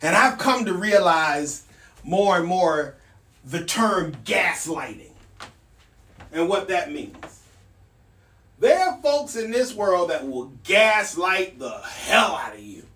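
A man's voice: sits high, sing-song, takes it slowly, bright, forceful tone, recorded from a distance. A man hosting a casual solo podcast, talking bluntly and with a sardonic edge. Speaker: podcast host. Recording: echoey room, off mic.

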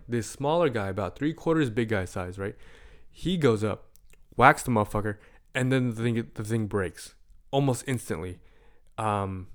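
A man telling a comic story in a casual, profane and animated way. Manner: profane and animated, with big swings in loudness and pitch.

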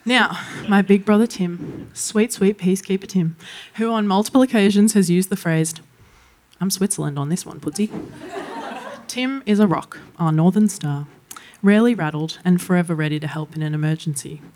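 A young Australian woman telling a comedic family story, lively and often laughing as she speaks. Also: medium pitch, moderate pace, hardly any pauses. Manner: lively, laughs through her lines.

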